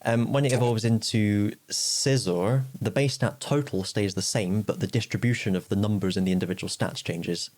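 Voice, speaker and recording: A man's voice: lowish voice, moderate pace, few pauses, a little mellow. A man co-hosting a casual podcast chat, jokey and chatty, laughing often. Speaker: podcast co-host.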